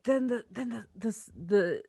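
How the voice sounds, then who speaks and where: Husky-voiced woman player. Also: fairly high pitch, normal speed, dark tone. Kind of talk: casual tabletop play.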